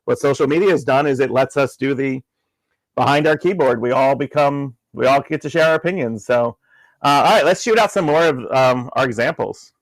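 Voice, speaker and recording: A man's voice: mid-range voice, fairly quick, no echo, low-quality recording. A man co-hosting a casual podcast, rambling through stories with lots of fillers. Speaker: podcast co-host.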